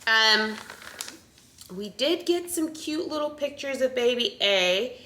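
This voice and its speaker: A young woman talks casually straight to her camera, filling pauses with ums and restarting sentences as she goes. Her voice is bright and forward, with a slightly breathless edge. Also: fairly high pitch, animated. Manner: chatty, with frequent ums and restarts. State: a little out of breath. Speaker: vlogger sharing pregnancy updates.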